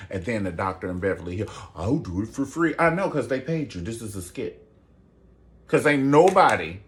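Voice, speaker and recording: A man hosting a casual gossip commentary show, sassy and theatrical, jumping into high falsetto exclamations. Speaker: show host.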